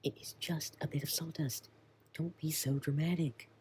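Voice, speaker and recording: A woman playing a young woman hiding with a friend in a closet, hushed and scolding in a whispered role-play. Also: sits low, steady tone, moderate pace, natural voice.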